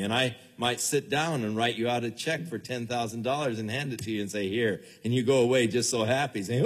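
An older man preaching a sermon as pastor, slow and earnest, acting out quoted voices of his listeners now and then. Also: medium pitch, breathy edge.

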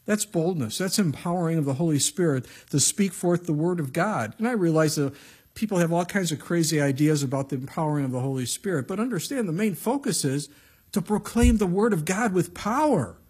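A middle-aged male pastor preaching a sermon in a conversational way, acting out quotes with lively voices. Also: on the high side, fairly quick, slightly rough.

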